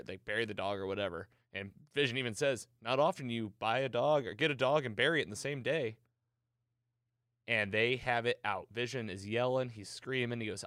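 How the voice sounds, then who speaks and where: A man hosting a podcast, retelling a TV episode in casual, excited chat. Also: medium pitch, dry recording, studio quality. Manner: excited, animated storytelling. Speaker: podcast host recapping a TV episode.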